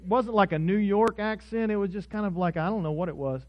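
A man's voice: high voice, a little fast, hardly any pauses. A man from Oklahoma who is a pastor, preaching a sermon earnestly, telling stories and leading prayer, in a dull lo-fi recording.

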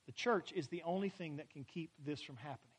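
A man preaching a sermon as a pastor, building emphatically to loud climaxes and having the congregation repeat phrases. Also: a little high, a little fast, breathy edge. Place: church sanctuary.

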